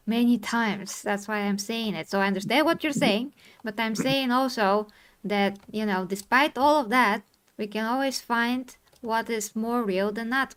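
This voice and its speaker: Earnest woman streamer arguing her point. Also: medium pitch. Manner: earnest, insistent, quick to apologize. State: tired from talking. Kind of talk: live stream discussion.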